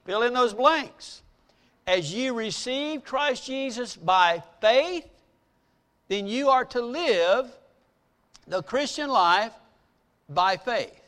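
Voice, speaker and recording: High-pitched guy preaching slow, asking the room questions and hammering each answer home. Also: expressive, a bit bright. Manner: emphatic call-and-response, slowing to read verses aloud. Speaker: pastor teaching a Bible class. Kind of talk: sermon with fill-in notes.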